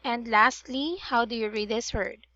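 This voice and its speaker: A woman's voice: on the high side, steady tone, measured pace, bright, forceful tone, dry recording, dull audio. A woman tutoring English pronunciation in a one-on-one online session, patiently drilling words and correcting vowel sounds.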